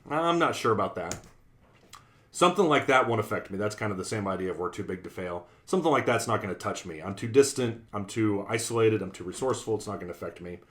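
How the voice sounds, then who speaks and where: A man's voice: fairly low pitch, animated, quick pace, fairly bright tone. A man preaching in a conversational Bible class style, earnest, repeating his phrases and acting out quoted sayings.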